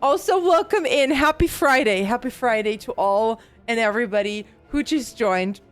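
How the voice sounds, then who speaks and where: A woman's voice: on the high side, moderate pace. A woman streaming a horror game live, talking to chat and often panicking with shrieks and laughter. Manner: panicky, frequent screams and laughter.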